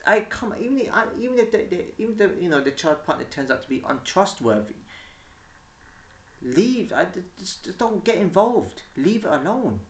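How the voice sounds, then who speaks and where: Male vlogger with a higher-than-usual voice, ranting to camera in a loose, restart-heavy way, recorded at a distance. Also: very animated, moderate pace. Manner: rambling, full of rhetorical questions and restarts. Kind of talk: ranting monologue. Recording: echoey room, distant mic.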